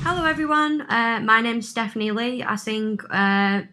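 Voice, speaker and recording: A woman's voice: on the high side, moderate pace, noisy background. A woman recording a chatty, gushing voice message, full of fillers. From northwest England. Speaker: listener sending a voice message.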